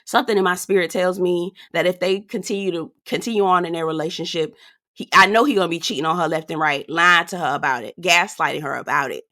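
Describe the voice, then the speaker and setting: Fast and forceful, with a lowish but bright voice, she delivers outspoken, sassy commentary on a reality TV show. The reality TV reviewer talks casually and straight to her viewers.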